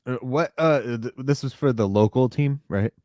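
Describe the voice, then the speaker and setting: A man's voice: medium pitch, moderate pace, a little mellow, dry recording, studio quality. A man co-hosting a podcast, chatting and joking casually while recapping a TV episode, with some swearing and laughter. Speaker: podcast co-host.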